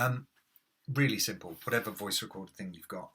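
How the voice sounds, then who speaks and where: A middle-aged man coaching actors in a relaxed, chatty way, with a husky voice and plenty of ums. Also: on the low side, fairly quick. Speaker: acting coach. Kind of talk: casual instructional talk to camera.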